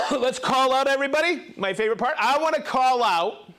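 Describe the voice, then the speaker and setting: Upbeat man with a high, lively voice. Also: normal speed. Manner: energetic, playful, reading out viewer names. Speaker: show host. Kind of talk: live show shout-outs.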